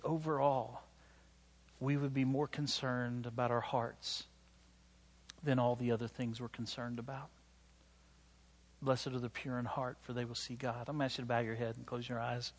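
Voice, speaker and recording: Husky-voiced male pastor preaching a sermon. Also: mid-range voice. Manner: animated, self-deprecating storytelling with acted-out quotes.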